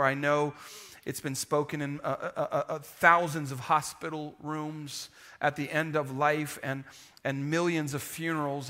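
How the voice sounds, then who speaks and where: A man preaching a sermon in an animated, humorous way, calling out to the congregation and dropping to a hushed voice to drive points home. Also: fairly high pitch. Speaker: pastor.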